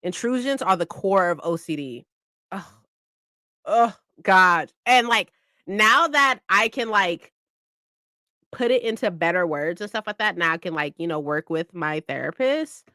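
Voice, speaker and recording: A chatty woman talks to her stream in a loose, rambling way, swearing freely and circling back on her words. Her voice swings widely in pitch and has a bright, forward tone, recorded dry and close. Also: lively intonation, a little slow, no echo. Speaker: book streamer. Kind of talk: casual live-stream chat.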